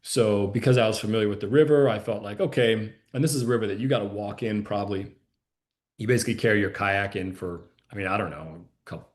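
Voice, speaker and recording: Low-voiced man answering with measured hesitation. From Ohio. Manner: measured, hesitant, many ums and you-knows. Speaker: podcast guest. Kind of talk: casual interview chat.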